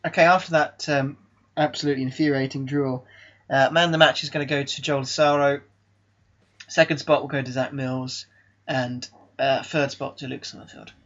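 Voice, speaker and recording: A man giving live commentary over his own football video game session, excitable and exasperated one moment, calmly running through his team the next. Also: medium pitch, moderate pace. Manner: excitable, exasperated, swings between disbelief and calm team talk. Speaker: gaming YouTuber. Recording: slightly dull lo-fi mic.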